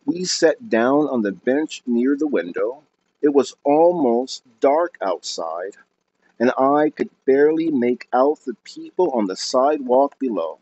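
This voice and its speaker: A man narrating a novel in the first person with a calm, expressive reading style. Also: mid-range voice, measured pace. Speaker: audiobook narrator. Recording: dull lo-fi recording.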